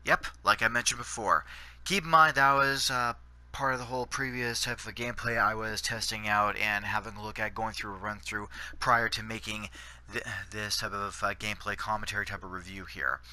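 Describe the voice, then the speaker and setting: A man's voice: lowish voice, fairly even intonation, brisk, bright, forceful tone. A Canadian man giving rambling gameplay commentary, full of fillers and restarts. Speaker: gaming channel host.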